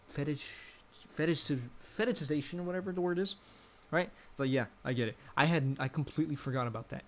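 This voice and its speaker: A man's voice: mid-range voice, slight background noise. Rambling young man thinking aloud. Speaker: vlogger. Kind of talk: casual rambling commentary.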